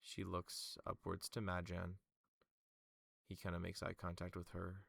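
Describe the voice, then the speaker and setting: A man narrating a tabletop game as game master, drifting through fillers as he describes the scene. His voice is deep, slow and gravelly. It sits close to the mic with a dry sound. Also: completely flat delivery, a bit bright, no echo. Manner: loose narration with many fillers.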